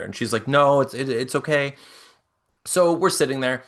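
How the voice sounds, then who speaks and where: Animated young man telling a rambling story. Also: fairly high pitch, normal speed. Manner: animated, rambling, acts out quotes. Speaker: podcast co-host. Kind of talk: casual storytelling chat.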